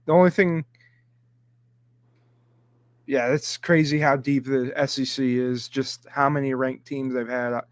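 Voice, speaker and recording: A man's voice: medium pitch, smooth, no room sound. A young man co-hosting a casual sports chat, hesitant and full of ums. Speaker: co-host.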